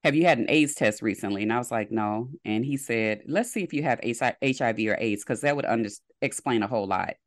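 A woman guest on a podcast, telling a personal story in a lively way and acting out the dialogue. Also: rumbling low, fairly quick, few pauses, no echo, clean studio sound. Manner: lively retelling with quoted dialogue.

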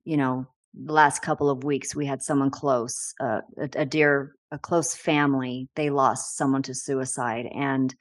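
A woman hosting a casual interview podcast, talking in a reflective way and giving soft backchannels. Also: a bass voice, steady tone, a little slow, few pauses, no echo, clean studio sound. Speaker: podcast host.

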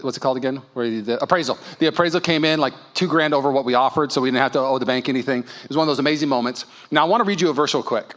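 A male pastor preaching a sermon at a church service, telling stories and acting out voices with lively energy. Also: a little high. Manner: animated storytelling, acts out dialogue.

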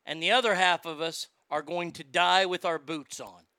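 A man's voice: fairly high pitch, steady tone, moderate pace, bright, forceful tone, smooth, no echo. A man ranting in a sarcastic, indignant, profane commentary, recorded on a close mic. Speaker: social media commentator.

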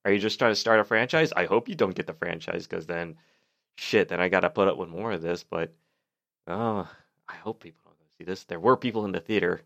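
A man with a very low voice talks through a casual movie review, wry and unimpressed. He rambles and pauses often. His voice is close and dry. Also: vocal fry, fairly bright tone, no echo, muffled recording.

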